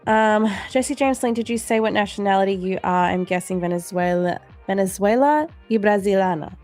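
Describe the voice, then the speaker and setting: A woman's voice: mid-range voice, moderate pace, a little mellow, soft background music. A woman hosting a casual livestream, reading out chat comments in a playful, jokey way and laughing often. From Australia. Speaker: livestream host.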